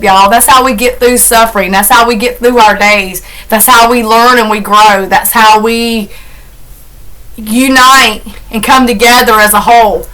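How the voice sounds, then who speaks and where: A woman's voice: fairly high pitch, sharp tone, rough recording. A middle-aged woman, chatting in a heartfelt, rambling, folksy way as she does chores for her vlog. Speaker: vlogger. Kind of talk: casual chat while doing chores.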